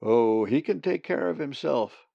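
A man voicing a calm, practical male raven who speaks in a matter-of-fact way. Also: medium pitch, measured pace, creaky, no echo. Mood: reassuring. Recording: dull, slightly muffled sound.

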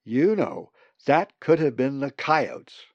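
A man's voice: medium pitch, measured pace, a little mellow, dry recording, muffled recording, pitched above the performer's own voice. A man voicing a stern female raven who scolds firmly. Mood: scolding. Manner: scolding, firm.

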